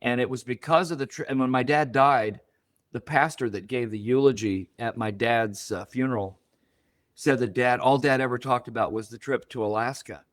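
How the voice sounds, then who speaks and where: A man's voice: medium pitch, normal speed, dry recording. An older man in his seventies, a guest in an interview, telling stories and acting out quoted dialogue. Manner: animated, acts out quoted dialogue. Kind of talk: storytelling interview.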